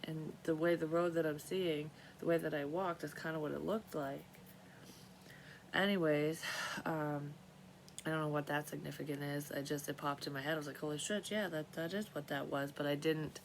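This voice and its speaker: Woman, low voice, casual rambling monologue, swears freely, slight hiss. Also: steady tone, normal speed, gravelly, low-quality recording. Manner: rambling, profane, trailing off and restarting. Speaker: vlogger sharing dream readings.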